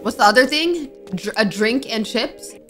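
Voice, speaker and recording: A woman's voice: on the high side, expressive, normal speed, over music. A young woman streaming a game, chatting to herself and reading the characters' lines aloud. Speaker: gaming streamer. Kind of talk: playthrough commentary with read-aloud dialogue.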